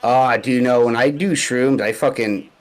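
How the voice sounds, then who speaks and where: A man's voice: medium pitch, steady tone, normal speed. A young man co-hosting a podcast, talking in loose, slangy casual chat and swearing freely. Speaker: podcast co-host.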